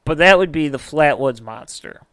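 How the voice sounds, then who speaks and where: Man, podcast host, smooth resonant voice, dry close mic, animated storyteller. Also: on the high side, moderate pace, no echo. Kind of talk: casual podcast chat.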